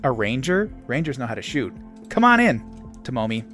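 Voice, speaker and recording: A young man plays a colony strategy game for a stream, narrating every event in a playful, chatty way. His pitch swings widely as he reacts, from low mutters to excited shouts. Faint music sits under the voice. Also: fairly quick. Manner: lively, reads game events aloud, playful. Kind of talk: casual gameplay commentary. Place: home.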